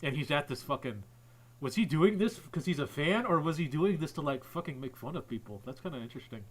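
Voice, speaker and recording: Brief: male reaction host, slightly high voice, constant cursing, mocking rant. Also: animated, quick pace. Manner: ranting, mocking, swears constantly, laughs at clips. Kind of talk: profane reaction commentary. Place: home computer setup.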